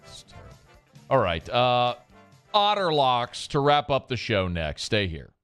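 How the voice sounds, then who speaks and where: A man hosts sports radio with a playful, needling quizmaster manner. His voice swings widely in pitch as he ribs his co-host and rolls into ad reads. A faint music bed sits under the studio mic. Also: wildly swooping pitch, measured pace, fairly bright tone, clean tone.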